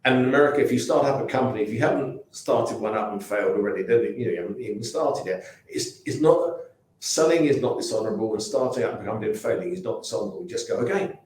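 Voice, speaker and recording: The recording, made in a very echoey room, captures a sixty-something company founder from England with an English accent, telling casual interview anecdotes that ramble, restart, and drift into asides. He has a lowish, darkish voice and talks quickly.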